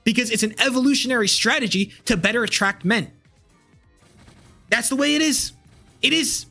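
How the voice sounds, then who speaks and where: A man's voice: very high voice, normal speed, gravelly, sharp tone, soft background music. Rambling crude young male streamer. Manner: rambling, crude, many fillers and restarts. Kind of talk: casual rambling stream chat.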